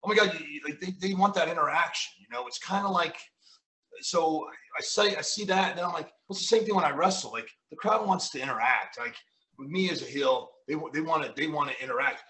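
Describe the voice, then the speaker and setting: A man hosting a podcast as a pro wrestler, telling stories in a lively, excited way, recorded from a distant mic in a roomy space. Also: a little high. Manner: animated storyteller, quick and excited. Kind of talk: casual podcast chat.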